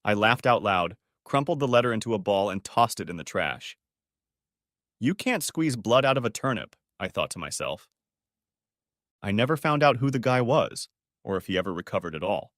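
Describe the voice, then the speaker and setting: A man reading a first-person audiobook story in a steady storytelling manner. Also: on the low side, a little fast, no echo, studio quality. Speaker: narrator. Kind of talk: scripted audiobook narration.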